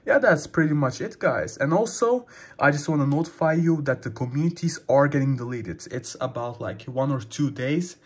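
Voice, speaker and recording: A man's voice: mid-range voice, slightly rough. Chatty young man giving gaming tips. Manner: rambling, repeatedly addresses viewers as guys. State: out of breath. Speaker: gaming channel host. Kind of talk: casual tech tip video.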